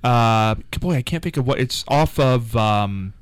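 Lively-pitched male radio host. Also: unhurried, clean tone, dry recording. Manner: chatty, rambling, friendly banter. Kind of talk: casual radio chat. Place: radio studio.

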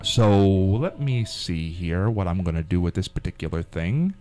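A man's voice: low voice, lively intonation, normal speed, mellow, a little hiss or hum. A man hosting a radio show, bantering in a dry, teasing way on a studio microphone. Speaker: radio host. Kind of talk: casual on-air banter.

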